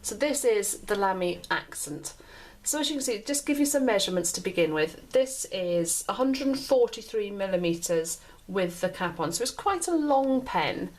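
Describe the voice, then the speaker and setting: On her pen review show, a woman from the United Kingdom talks about the pen in a chatty, casual way, frequently restarting and repeating herself. She speaks at a moderate pace with few pauses, in a medium-pitched voice with lively intonation.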